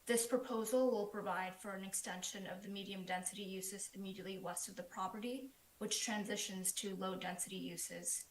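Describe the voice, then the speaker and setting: A woman's voice: medium pitch, fairly even intonation, brisk, hardly any pauses, slight background noise. Woman planner on an echoey remote call. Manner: reads steadily through a prepared report. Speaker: planner presenting a proposal. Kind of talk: formal presentation.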